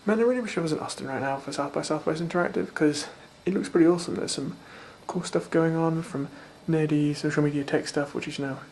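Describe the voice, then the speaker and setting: Rambling young man, slightly high voice. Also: fast talker, hardly any pauses, darkish tone, a little hiss or hum. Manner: rambling, offhand and self-mocking. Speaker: video blogger. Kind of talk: casual chat.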